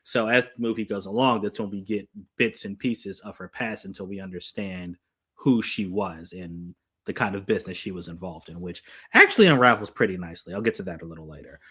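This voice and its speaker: A man's voice: sits low, a little fast, pushed and bright, slightly rough. A man giving a casual, enthusiastic movie review, chatty and full of "like" and "you know".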